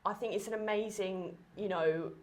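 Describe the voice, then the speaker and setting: A woman talks casually as a podcast host, full of fillers and quick asides. Her voice is stuffy and congested, and she sounds tired. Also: medium pitch. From Essex, England. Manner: chatty, animated, many fillers. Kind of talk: casual conversation.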